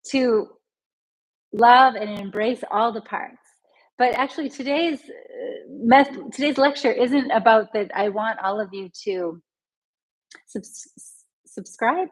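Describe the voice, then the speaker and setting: A woman with a slightly high, breathy voice leads a live online healing lesson. She speaks gently to her viewers and slowly repeats calming phrases. Her tone is soft and caring throughout. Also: rough recording. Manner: talks straight to viewers, reads their comments aloud. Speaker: emotional healing coach.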